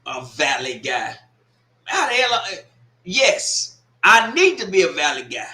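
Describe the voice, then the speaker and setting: Animated man hosting a sports watch party. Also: high voice, a little slow. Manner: animated, laughing, swearing, scolding a commenter. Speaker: watch party livestream host. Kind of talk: casual livestream chat reading comments. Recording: echoey room.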